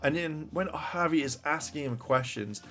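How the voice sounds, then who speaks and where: A man's voice: fairly high pitch, moderate pace, fairly bright tone. A man casually reviewing a TV episode, rambling through the plot and swearing when he gets annoyed.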